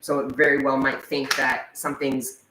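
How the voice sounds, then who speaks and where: A woman giving a casual tarot reading in a chatty manner, swearing freely and reading the card text slowly. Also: a bass voice, level tone. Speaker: tarot reader. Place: indoors, room with a live wasp. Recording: echoey room, faint background noise.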